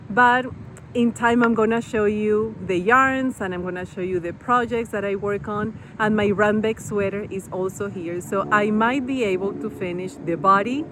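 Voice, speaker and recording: Woman, 30s, vlog host outdoors by a canal, mid-pitched and chatty, faint outdoor noise behind. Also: rough recording. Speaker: podcast host. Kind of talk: casual vlog chat.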